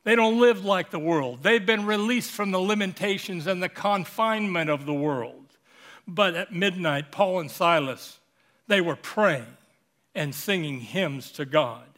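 A man preaching a sermon, animated and full of rhetorical questions put to the congregation. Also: high-pitched, unhurried.

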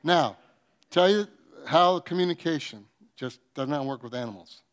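A man preaching a sermon, telling comic stories with acted-out quotes and swinging between loud bursts and soft, earnest passages. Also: fairly high pitch, normal speed, smooth. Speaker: pastor.

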